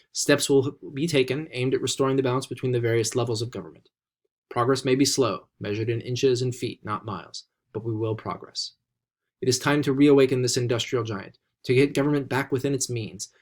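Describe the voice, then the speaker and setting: An older American man in his sixties delivers a formal address from a prepared text. His pitch sits in an ordinary middle range, and he builds his phrases in a measured, rhetorical way, slowing down on the key words for emphasis. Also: darkish tone. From United States. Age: 60s. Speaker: president giving an inaugural address. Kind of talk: formal ceremonial speech.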